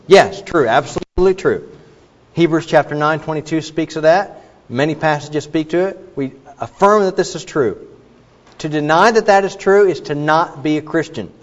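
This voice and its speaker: Animated male preacher, slightly high voice, dull recording in a reverberant hall. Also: normal speed. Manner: animated, questioning, with asides to the congregation. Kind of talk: sermon.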